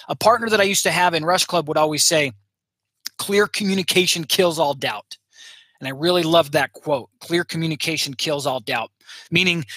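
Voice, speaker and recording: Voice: mid-range voice, a bit bright, husky, dry recording. A communication coach giving a motivational teaching talk, asking the audience rhetorical questions and acting out short example phrases.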